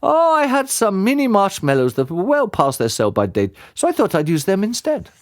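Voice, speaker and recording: A man reading aloud, voicing a cheerful, scatterbrained shopkeeper with an earnest, drawn-out manner. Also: sits high, wildly swooping pitch, no room sound, clean studio sound, voice pushed up.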